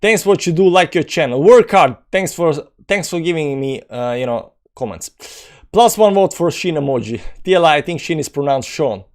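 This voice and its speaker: A Balkan-accented man hosts a live crypto stream, reading viewer comments and answering them in a rambling way with many fillers. His fairly high voice has lively intonation at a normal speed.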